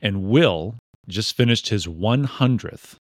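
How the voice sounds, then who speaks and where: A man's voice: lowish voice, takes it slowly, no echo. A man hosting a podcast interview, joking and teasing his guest in a casual chat. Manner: jokey, animated, teasing, puts on funny voices. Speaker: podcast host.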